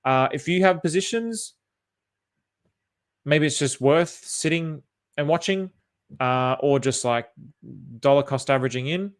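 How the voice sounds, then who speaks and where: A man's voice: a little high, lively intonation, unhurried, pauses often. An Australian man chatting casually on a livestream, thinking aloud with lots of fillers and restarts as he reacts to viewer comments. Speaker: crypto chart commentator.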